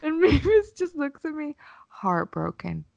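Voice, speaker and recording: A woman's voice: high voice, big pitch swings, measured pace, vocal fry, darkish tone, no room sound. A woman in her forties, co-hosting a podcast and chatting casually, telling long rambling stories with lots of swearing and laughter. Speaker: podcast co-host. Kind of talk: casual chat. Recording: dull lo-fi sound.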